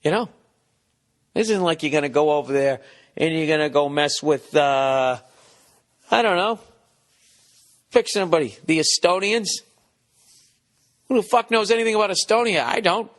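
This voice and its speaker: A man's voice: fairly high pitch, normal speed, long pauses, a bit bright. A man, ranting profanely and incredulously in a casual comedic monologue. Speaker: podcast host.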